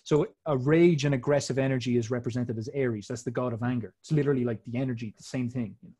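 A man's voice: mid-range voice, fast talker, mellow, husky. A man talking casually and emphatically, explaining old myths in slangy, swearing speech.

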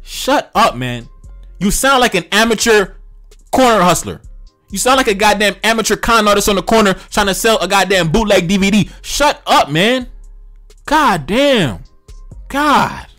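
A man's voice: sits high, expressive, brisk, sharp tone, faint music behind. A man giving heated opinion commentary, lecturing in a repetitive, profane rant. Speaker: online commentator.

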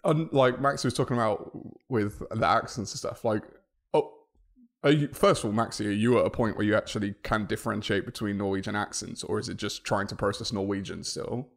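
A man's voice: on the low side, fairly even intonation, brisk, vocal fry. A man co-hosting a podcast in casual chat, curious and full of questions. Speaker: podcast co-host.

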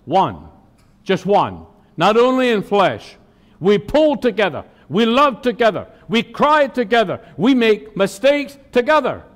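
A man with a very high speaking voice preaching a sermon, heard with a long reverb from a hall. He talks emphatically and keeps throwing questions out to the congregation. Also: very animated, a little slow, a bit bright. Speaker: pastor.

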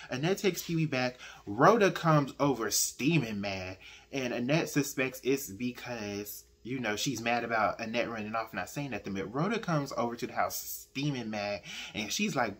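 Brief: husky-voiced man, opinionated book vlogger, retells the plot chattily. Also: mid-range voice, animated, moderate pace, a bit bright. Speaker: book reviewer. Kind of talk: casual book discussion.

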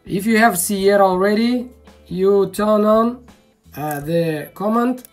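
A woman explaining a software fix in a casual tutorial, in halting non-native English full of fillers, frustrated and swearing now and then. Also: medium pitch, soft background music. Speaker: video tutorial maker.

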